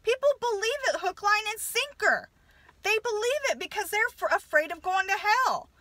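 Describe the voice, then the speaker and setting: An American nurse and mother in her thirties rants angrily to camera in an extremely high, expressive voice that sounds pushed and bright. She swears a lot and keeps stopping and restarting. There's no echo, but the recording is rough.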